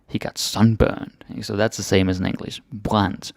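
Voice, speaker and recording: A man with a low, gravelly voice gives a casual language lesson. He is relaxed and chatty, saying each phrase slowly, then explaining it. The sound is dry and close. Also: no echo. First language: Danish. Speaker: language teacher.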